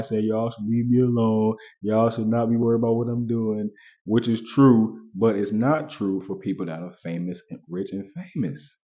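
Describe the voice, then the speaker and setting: A man's voice: fairly low pitch, mellow, dull audio. A man talking casually to his viewers in a commentary vlog, repeating his points and addressing them directly. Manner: conversational, repeats points, talks straight to viewers. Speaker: vlogger.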